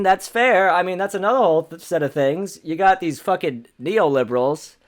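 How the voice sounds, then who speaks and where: A man's voice: sits high, big pitch swings, normal speed, few pauses. Profane ranting male podcast host. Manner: profane, self-deprecating, ranting. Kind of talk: ranting comedic monologue. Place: home apartment.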